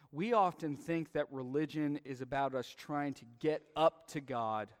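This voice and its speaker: Pastor, male, 30s, fairly high voice, slow and earnest delivery, echoing church hall. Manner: slow, earnest, heartfelt storytelling. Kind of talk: sermon with closing prayer. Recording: long reverb of a large hall.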